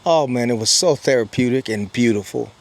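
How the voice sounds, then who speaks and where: A man's voice: mid-range voice, a little fast, gravelly. A man earnestly telling a personal travel story to camera, emphatic and acting out the dialogue. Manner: earnest, emphatic retelling with lots of quoted dialogue.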